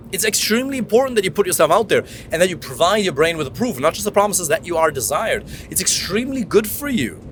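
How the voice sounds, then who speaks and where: A man's voice: sits high, a bit bright, a little hiss or hum. A man coaching on dating in casual, emphatic talk from the back of a taxi, jumping into silly voices.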